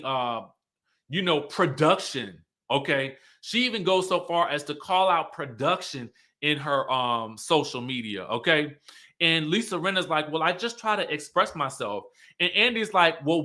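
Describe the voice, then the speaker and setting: A man giving a sassy, animated recap of a reality show reunion, acting out the cast's lines as he goes. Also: fairly high pitch. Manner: sassy, animated, quoting in mock voices. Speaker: pop culture commentator. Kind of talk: casual recap commentary.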